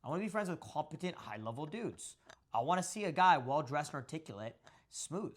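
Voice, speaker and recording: Brash, fast-talking young man. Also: a little high, animated. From Indian descent. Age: young adult. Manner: boastful, brash and profane. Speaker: podcast guest. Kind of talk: casual podcast talk.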